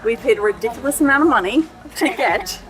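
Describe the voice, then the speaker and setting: A woman's voice: fairly high pitch, expressive, fast talker, music in the background. A woman hosting a travel vlog, chatting playfully while tasting cake in a cafe. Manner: chatty, playful, talks with mouth full. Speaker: travel vlogger host. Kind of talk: casual chat while tasting food. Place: cafe, standing. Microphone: clip-on microphone.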